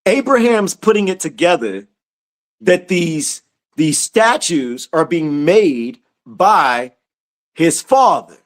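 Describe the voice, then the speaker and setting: A woman leading a casual livestream Bible study, animated and laughing, talking to viewers as y'all. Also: on the low side, slow. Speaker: scripture study teacher.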